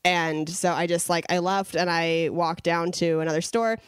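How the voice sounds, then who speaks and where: A woman's voice: lowish voice, steady tone, normal speed, smooth, no echo, studio quality. A woman co-hosting a casual podcast chat, telling stories animatedly, acting out quotes and laughing often. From Los Angeles area. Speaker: podcast co-host.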